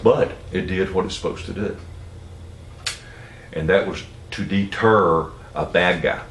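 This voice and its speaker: A man's voice: low voice, unhurried, a bit bright, a little hiss or hum. A middle-aged man with a Southern American accent, telling a rambling, blunt, folksy anecdote. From Tennessee. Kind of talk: casual spoken anecdote. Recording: roomy, distant mic, faint ambience.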